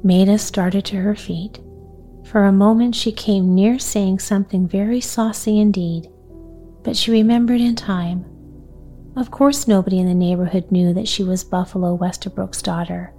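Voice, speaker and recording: A woman reading a classic children's novel aloud as a calm bedtime story. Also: mid-range voice.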